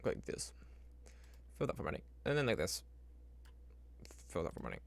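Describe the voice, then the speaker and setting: A man with a low, creaky voice and wildly swooping pitch speaks at normal speed as he streams himself building a spreadsheet. Casual and rambling, he thinks aloud, talks to his computer, and throws in made-up sound effects, with keyboard typing and clicking in the background.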